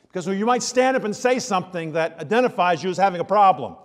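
Man, pastor, sermon, conversational, hushed asides and loud emphasis, long church reverb. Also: high voice, animated, fast. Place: church sanctuary.

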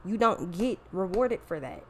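A woman's voice: mid-range voice, big pitch swings, measured pace. A woman hosting a show, talking in a blunt, profane, exasperated casual rant. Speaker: podcast host. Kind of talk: casual ranting monologue.

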